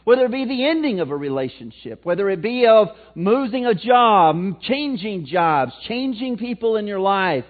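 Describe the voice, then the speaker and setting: A man with a Missouri accent preaching a sermon in a folksy way, swinging between loud emphatic lines and low, quiet ones. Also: sing-song, normal speed, few pauses. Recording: tinny phone-like sound, mic cutting out.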